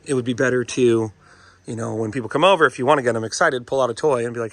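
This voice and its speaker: A man's voice: medium pitch, fairly even intonation, fast talker, dry recording. A man who trains dogs, talking to viewers in a chatty, emphatic way and often calling them "folks". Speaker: dog trainer. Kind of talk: casual instructional vlog.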